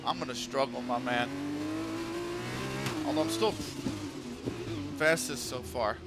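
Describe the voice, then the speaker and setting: A man's voice: medium pitch, measured pace, over loud music. A man streaming a racing game, chatting casually and swearing as he drives. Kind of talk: live gameplay commentary. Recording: loud race car engine noise. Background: racing game car sounds.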